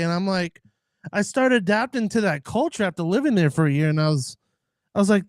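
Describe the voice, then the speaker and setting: A man's voice: high-pitched, lively intonation, a little fast, no echo. An American man in casual chat, talking earnestly and rambling with many fillers. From United States. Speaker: podcast guest.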